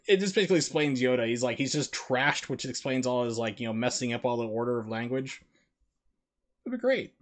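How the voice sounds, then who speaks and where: A man's voice: mid-range voice, animated, fairly quick. Joking, rambling male streamer. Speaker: game streamer. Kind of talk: casual live-stream chat.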